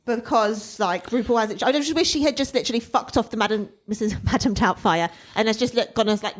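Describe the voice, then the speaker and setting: A woman's voice: fairly high pitch, brisk. A woman with a British accent co-hosting a podcast, teasing and blunt in casual chat. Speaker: podcast co-host.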